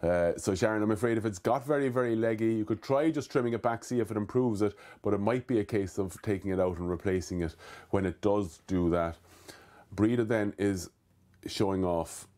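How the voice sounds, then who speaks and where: A man's voice: on the low side, fairly quick, warm tone. A man from Cork with an Irish accent, hosting a casual gardening question show and chatting through viewers' queries, often correcting himself mid-sentence. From Ireland. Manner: chatty, self-correcting, with fillers and restarts. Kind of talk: casual live Q&A.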